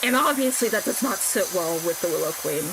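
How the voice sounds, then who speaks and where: A woman streamer chats her way through a long story while she plays, her voice sitting at an ordinary middle pitch. She jumps up high when she acts out the characters' panicked lines. A faint hum of noise sits under her voice. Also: animated, a little fast, vocal fry. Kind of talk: casual storytelling while gaming.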